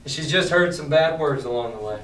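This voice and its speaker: Male teacher reading aloud, fairly high voice. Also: animated, fairly quick, a bit bright. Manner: casual, plain-spoken asides between reading. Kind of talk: reading a novel aloud to a class and explaining it. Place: classroom. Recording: roomy classroom from far off.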